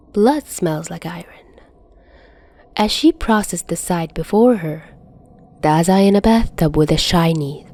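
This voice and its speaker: A woman narrating fan fiction as a podfic reader, soft and hushed, often dropping into whispers. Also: fairly low pitch.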